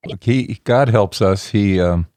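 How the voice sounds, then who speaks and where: Male host of a faith show, gentle and reassuring, fairly low voice, dry close sound. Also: a little slow, dry recording. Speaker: podcast host. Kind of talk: reflective narration and interview.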